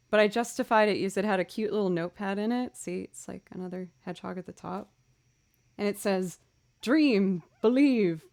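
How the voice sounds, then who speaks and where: A woman's voice: medium pitch, darkish tone. A young woman chatting casually with her stream viewers, bubbly and talkative, greeting people by name. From Boston area. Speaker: streamer and musician. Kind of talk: casual livestream chat.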